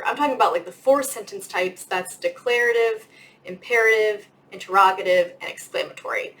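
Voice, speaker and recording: A woman's voice: mid-range voice, a bit bright, slight background noise, low-quality recording. A young woman giving a casual grammar lesson as a teacher, chatty and full of fillers. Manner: chatty, lots of "like" and "um". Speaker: English teacher.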